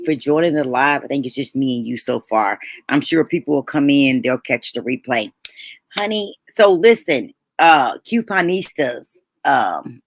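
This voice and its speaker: Middle-aged woman, live-stream host; bright, forward tone, dry close mic, folksy and chatty. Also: extremely low pitch, dry recording. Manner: chatty, calls viewers honey and baby; folksy slang, restarts and stumbles. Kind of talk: casual live stream chat.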